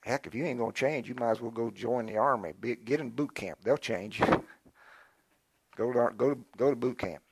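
An older man preaching a sermon in a folksy, animated way, calling on the congregation to answer back. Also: medium pitch, normal speed, gravelly, husky, dry recording. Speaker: pastor.

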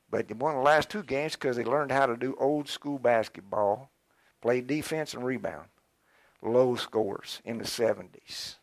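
An older man preaching a sermon in a folksy, animated way, calling on the congregation to answer back. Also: mid-range voice, measured pace, dry recording. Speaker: pastor.

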